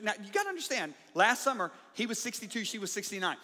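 A middle-aged man preaching a sermon, telling stories animatedly and swinging between shouting and quiet asides. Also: high voice, sing-song, fast talker, hardly any pauses, slight background noise. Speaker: pastor. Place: large church or auditorium. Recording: reverberant hall with music.

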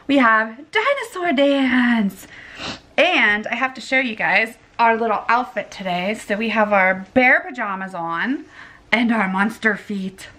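Young mother reading picture books to her toddler; bright, playful, sing-song, taking her time. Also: on the high side, animated, measured pace.

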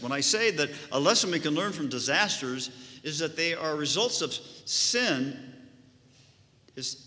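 A man preaching in a church, his bright, ringing voice carried by long reverb. He leans into emphatic points with lively swings of pitch and a slightly high register. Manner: emphatic, rising and falling preaching cadence. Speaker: pastor. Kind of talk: sermon. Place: church sanctuary.

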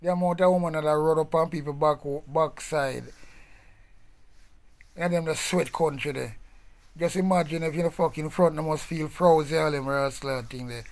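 A man's voice: on the high side, fairly even intonation, moderate pace. A man with a Jamaican accent delivering a blunt, profane ranting monologue in patois. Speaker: vlogger.

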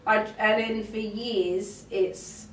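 A young woman chatting as an interview guest, telling stories with a lively, mimicking manner. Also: mid-range voice, takes it slowly, a little hiss or hum. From Britain. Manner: lively storyteller, mimics other voices. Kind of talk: casual interview chat. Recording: echoey room, mic far off.

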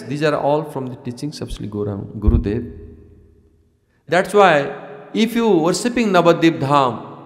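Man lecturing in an echoey hall. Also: mid-range voice. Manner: repeats and asks rhetorical questions, chants verses. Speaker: spiritual teacher. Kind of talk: devotional lecture. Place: ashram hall.

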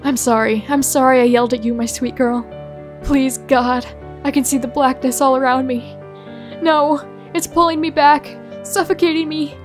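A woman's voice: on the high side, fairly even intonation, a little fast, hardly any pauses, faint music behind, natural voice. A woman voicing a dying male snowman who pleads desperately and gasps in agony. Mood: panicked, choking. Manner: desperate, gasping pleas. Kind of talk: comic dramatic reading.

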